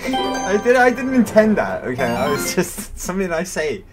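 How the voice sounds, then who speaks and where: A man's voice: mid-range voice, sing-song, a little fast, hardly any pauses, music in the background. A man casually commentating his own gameplay, chatty and playful, often correcting himself. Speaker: game streamer. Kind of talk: casual let's-play commentary.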